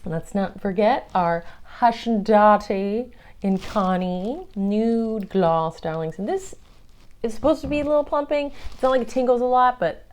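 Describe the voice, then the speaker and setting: A woman's voice: on the high side, a little slow, a little mellow, slight background noise. A woman chatting through her makeup routine in a casual tutorial, playful and affectionate, calling viewers darlings. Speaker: makeup vlogger.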